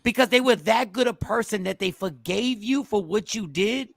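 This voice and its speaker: Style: rich. A high-pitched, excitable man hosting a morning talk show, his voice gravelly and sharp-edged. He talks with animated emphasis in a dry, close studio sound. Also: moderate pace, no room sound. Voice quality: voice he calls irritating. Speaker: radio show host.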